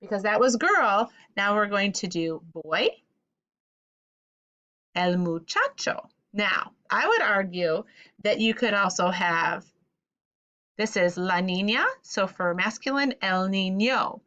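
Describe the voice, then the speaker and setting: A woman's voice: medium pitch, animated, sharp tone, dull audio. A woman teaching a children's Spanish vocabulary lesson, patiently saying words and asking listeners to repeat after her. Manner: patient call-and-repeat teaching, slow and clear.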